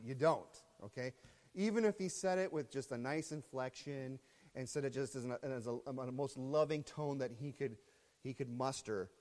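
A man preaching a sermon with fervor, reading scripture loudly and often checking in with the congregation. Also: mid-range voice, long reverb tail. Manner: fervent preaching, reads scripture loudly, checks in with "okay?" and "right?". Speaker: pastor.

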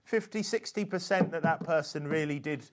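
A man with a notably high voice teaches in an informal, conversational way. He is earnest and emphatic, repeating and restarting phrases as he goes. He keeps checking in with his listeners with a quick "okay?". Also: animated. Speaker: evangelism instructor. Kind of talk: informal religious teaching talk.

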